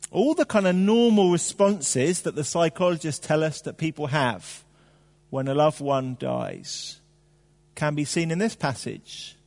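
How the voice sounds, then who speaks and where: Male preacher, chatty sermon delivery, rhetorical questions, reverberant church hall. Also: a little high. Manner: animated, conversational preaching with fillers and rhetorical questions.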